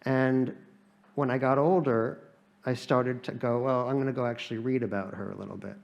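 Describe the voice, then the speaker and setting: A gravelly-voiced American man tells stories with a dry, satirical wit. He talks at an ordinary middle pitch and often stumbles and restarts mid-sentence. He is a guest author on stage at a live event. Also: steady tone, moderate pace, lo-fi sound. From United States. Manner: wry comic storytelling with frequent restarts.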